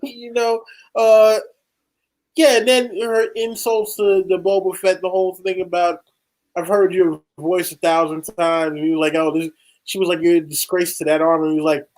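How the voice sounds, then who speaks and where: Animated man joking through a review. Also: high-pitched, normal speed. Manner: animated, acts out characters in jokey voices. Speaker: podcast co-host. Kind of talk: casual review chat.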